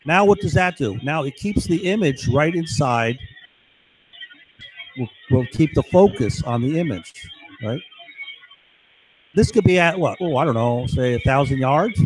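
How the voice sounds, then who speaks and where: A man's voice: fairly high pitch, lively intonation, measured pace, pauses often, husky, rough recording. A man talking in an agitated, rambling monologue while recording himself at his computer, again and again asking his listener "right?". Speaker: video blogger.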